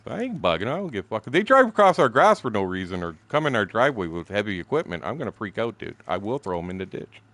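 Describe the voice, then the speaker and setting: Man in his sixties, lowish voice, swings up and down in pitch, blunt, swears a lot, casual streamer storytelling. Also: fast talker, few pauses, dry recording. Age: 60s. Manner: profane, blunt, animated storytelling with laughs. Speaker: gaming streamer.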